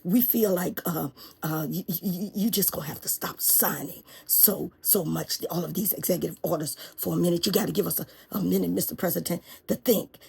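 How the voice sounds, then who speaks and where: A woman's voice: lowish voice, brisk, vocal fry, few pauses, mellow, breathy edge, exaggerated voice. A woman playing a timid, nervous male lawyer who stammers and pleads. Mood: pleading. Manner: stammering, pleading, repeats words.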